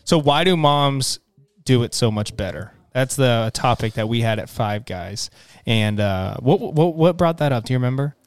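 Young podcast host, clear and chatty. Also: male voice, medium pitch, lively intonation, normal speed, dry recording, studio quality. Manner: playful, laughs often, asks questions. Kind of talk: casual podcast chat.

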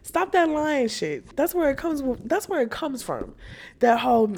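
With a fairly high, slightly mellow voice that swings widely in pitch, a young podcast host rants at a measured pace. Her casual talk is full of profanity, laughter, and mockery of others.

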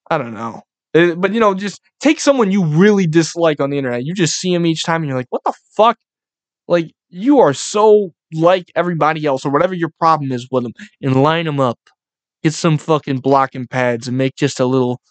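A man's voice: a little high, no room sound. Profane ranting young man podcaster. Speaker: podcast host. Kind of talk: casual solo podcast rant.

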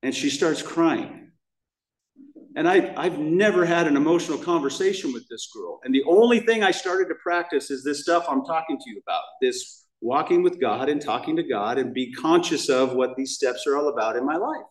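A man's voice: fairly high pitch, moderate pace. American man speaking in a roomy hall. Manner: candid, rambling, emotional storytelling with restarts. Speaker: main speaker at a recovery meeting. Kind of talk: personal testimony talk. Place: church meeting hall. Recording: roomy hall sound, mic at a distance.

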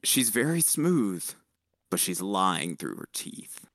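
Game master voice: expressive man with a wide pitch range, dry recording. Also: slow pace, no room sound. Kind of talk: narrating a tabletop role-play game.

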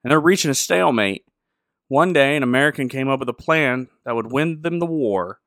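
Animated, bright-voiced male comedy host. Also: medium pitch, a little fast, no echo, clean studio sound. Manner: playful, animated storyteller. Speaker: podcast host. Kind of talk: comedic chat and joke telling.

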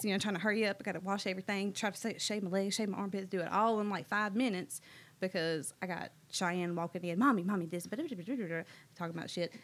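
A woman, co-hosting a podcast, who tells animated stories bluntly and swears freely. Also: medium pitch. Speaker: podcast co-host. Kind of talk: casual chat.

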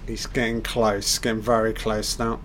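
A man's voice: lowish voice, little pitch movement, moderate pace, fairly bright tone, slight background noise. A man giving a loose, off-the-cuff film commentary, reacting aloud and swearing at the scenes.

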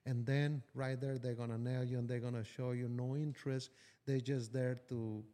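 A man's voice: mid-range voice, little pitch movement, moderate pace, mellow. A man talking as a business-owner guest on a podcast, blunt and profane, telling stories with animation. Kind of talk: casual podcast conversation.

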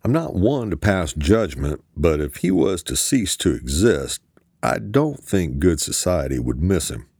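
Man voicing a cold calm spy chief, formal, gravelly, dry audiobook sound. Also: sits low, unhurried, dry recording, full character voice.

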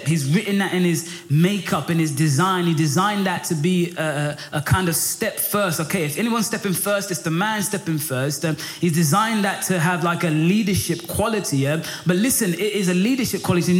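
A middle-aged man preaching a sermon in a lively, passionate way. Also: fairly quick, few pauses. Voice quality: high for a man, lively and passionate, rising when pressed. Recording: echoey room with faint music.

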